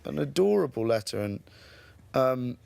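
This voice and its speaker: A man from England, a guest actor chatting in a TV studio interview, relaxed and self-deprecating. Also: mid-range voice, moderate pace, vocal fry. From England (London and the Midlands). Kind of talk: casual TV interview chat.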